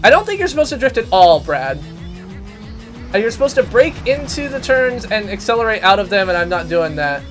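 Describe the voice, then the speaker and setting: A man hosting a live game stream, chatting casually and ranting loudly in rambling asides. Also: high-pitched, big pitch swings, a little fast, soft background music.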